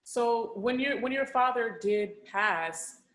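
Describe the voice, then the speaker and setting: A woman's voice: fairly high pitch, slow, fairly bright tone, roomy sound. A woman hosting a podcast, listening attentively and asking probing follow-up questions. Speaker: podcast host. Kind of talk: interviewing.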